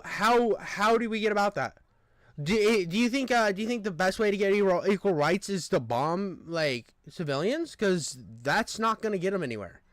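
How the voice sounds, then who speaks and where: A man's voice: high voice, no room sound, clean studio sound. A young man streaming, ranting heatedly and arguing with a critic in profane, combative language. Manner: profane, argumentative, addressing a critic directly. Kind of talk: heated live-stream rant.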